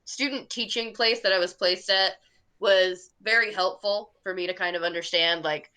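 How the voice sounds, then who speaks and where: A woman's voice: mid-range voice, steady tone, moderate pace, pushed and bright, clear, resonant tone. A young woman in her twenties, a new teacher, talking casually and candidly as a podcast guest. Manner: candid, chatty, uses lots of "like". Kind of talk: casual chat.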